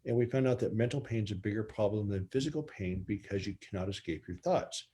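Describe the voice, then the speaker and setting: A man's voice: fairly low pitch, quick pace, dark tone. A spine surgeon explaining his methods in earnest conversation.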